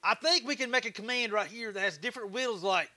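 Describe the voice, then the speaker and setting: A man's voice: high voice, quick pace, sharp tone. A man with a Texan accent hosting a woodworking livestream, laid-back and chatty, laughing often and swearing casually. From Texas. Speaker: livestream host, woodturner.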